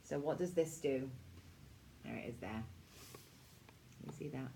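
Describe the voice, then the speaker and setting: A woman in her forties leading a casual self-care workshop for teens, chatty and reassuring, slipping into quick voices to act out moods. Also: rumbling low, vocal fry, dark tone, a little hiss or hum. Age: 40s. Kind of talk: casual teaching talk to teens.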